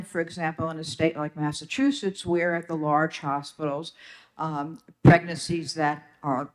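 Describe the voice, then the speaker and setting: An older witness giving formal testimony at a legislative hearing, measured and deliberate with frequent pauses and ums. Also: medium pitch.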